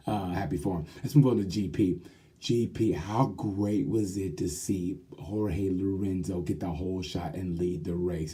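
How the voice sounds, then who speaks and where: A man with a low, very mellow voice gives a casual recap of a weekend's racing. He rambles and jokes, drifting into quick asides. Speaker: racing commentator host.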